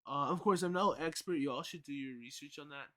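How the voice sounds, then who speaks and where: Young man, streamer, raised pitch, loose rambling talk, swearing, fillers. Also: brisk, a bit bright. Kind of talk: casual reaction commentary.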